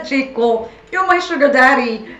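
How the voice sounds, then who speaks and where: Slow-talking French woman streamer. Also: high-pitched, pushed and bright, roomy sound, low-quality recording. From France. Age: 40s. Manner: playful, teasing viewers by name. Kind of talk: casual chat with live chat.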